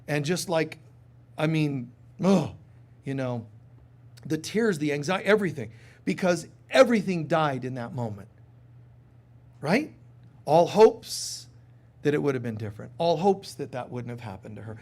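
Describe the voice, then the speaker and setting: Slightly high-voiced man preaching conversationally. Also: lively intonation, normal speed, pauses often. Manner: conversational and humorous, acting out little voices; drops to soft, quiet tones on serious points. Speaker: spiritual teacher. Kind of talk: live sermon.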